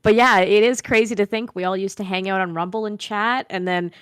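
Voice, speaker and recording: A woman's voice: medium pitch, steady tone, brisk, clear, resonant tone, no room sound. Chill woman cohosting a gaming podcast, kinda wry, dry mic. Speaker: podcast co-host. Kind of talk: casual chat.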